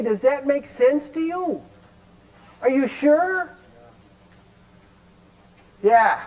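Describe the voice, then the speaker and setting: Man, very high voice, folksy, blunt, workshop speaker, quizzes the crowd. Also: low-quality recording. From Cleveland, Ohio, United States. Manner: folksy, blunt, quizzes the audience with rhetorical questions. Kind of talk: folksy recovery workshop talk to a live audience.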